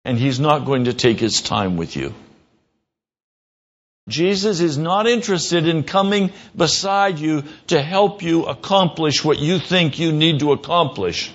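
A man preaching an earnest, emphatic radio sermon as a pastor. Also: highs cut off. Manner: earnest preaching, slow and emphatic, rising in pitch when pressing a point.

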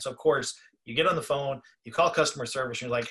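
A man's voice: mid-range voice, fast, hardly any pauses, a bit bright. A man co-hosting a podcast about listening skills, telling a story and acting out the people in it. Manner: storytelling, acts out quoted callers. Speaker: podcast co-host, trainer. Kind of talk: conversational podcast talk.

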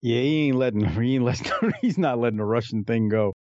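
A man's voice: medium pitch, fairly quick, dry recording, highs cut off. A man co-hosting a podcast, chatting casually about a wrestling match and acting out the wrestlers' lines. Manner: animated, acts out wrestlers' lines in a raised voice.

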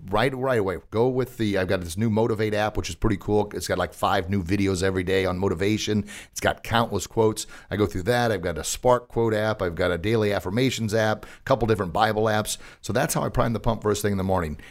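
A man hosts a motivational podcast in a low, gravelly voice. He talks in an upbeat, casual way and keeps turning to his listeners as folks. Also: fast talker. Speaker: podcast host.

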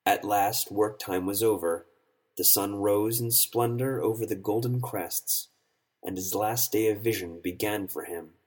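A man narrating an audiobook story in a measured, solemn way. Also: on the low side, husky.

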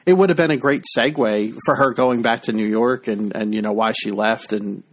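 A man's voice: lowish voice, normal speed. A man co-hosting a casual pop-culture chat, rambling and hesitant, with casual swearing. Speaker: podcast co-host.

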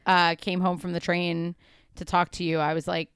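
An upbeat woman co-hosting a podcast, chatting casually from home. Her voice sits a little low and sounds very clean and smooth. The recording is dry and close, with no room sound. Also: level tone, moderate pace, fairly bright tone, no room sound. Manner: upbeat, chatty, trails off with ums and likes. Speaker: podcast co-host.

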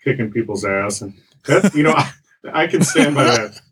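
Man, podcast guest, mid-pitch, relaxed jokey plugger. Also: moderate pace, breathy edge, rough recording. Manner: joking, plug-heavy, laid-back. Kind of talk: casual podcast chat.

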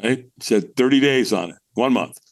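A middle-aged man telling his story as a podcast guest, candid and animated, swearing freely. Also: moderate pace, slight background noise. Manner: animated, jumps into high voices when quoting people. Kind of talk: storytelling in casual conversation.

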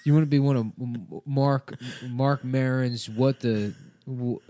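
A man's voice: medium pitch, fairly even intonation, unhurried, dark tone. A young man hosting a podcast, rambling through a crude comedic ad read and laughing as he goes. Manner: rambling, laughing, jumps into goofy voices. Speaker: podcast host.

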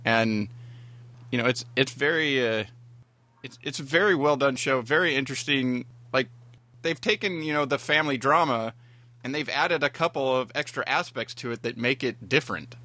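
Man co-host, rambling casual talker, bright forceful tone. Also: medium pitch, moderate pace, no room sound. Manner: rambling, many fillers and restarts. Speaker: podcast co-host. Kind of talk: casual TV review chat.

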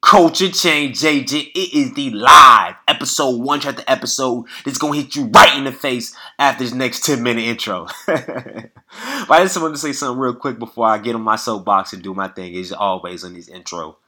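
A man delivers a motivational podcast monologue with a husky, forceful voice. He speaks directly to his listeners, earnest and preachy, in loose, slangy phrasing. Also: medium pitch, normal speed. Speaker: podcast host.

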